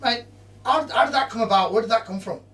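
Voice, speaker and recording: A man's voice: very high voice, fast talker, fairly bright tone, distant mic, slight background noise. A man hosting a casual sports talk show, matey and chatty. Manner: says "mate" constantly, matey and chatty. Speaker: host. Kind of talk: casual interview chat.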